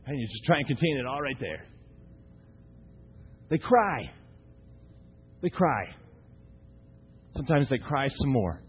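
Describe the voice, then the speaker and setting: Male pastor, 30s, lively sing-song delivery, husky voice, tinny recording in a reverberant church. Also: medium pitch, measured pace, pauses often. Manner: conversational, humorous, asks the congregation rhetorical questions. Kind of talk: sermon. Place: church sanctuary.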